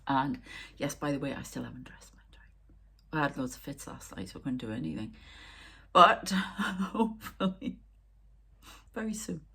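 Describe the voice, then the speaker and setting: A woman's voice: deep voice, moderate pace, gravelly, long pauses, bright, forceful tone, slightly rough. A woman who works as a spiritual medium, rambling in an emotional, upset way as she talks on her vlog and often dropping to a near whisper. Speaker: spiritual medium and channel host. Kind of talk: casual spiritual vlog talk.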